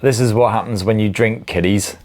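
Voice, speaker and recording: A man's voice: on the low side, steady tone, a little fast, a little mellow. A man in his forties hosting a tech live stream, reading viewer comments with sweary, self-deprecating banter. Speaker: tech show host.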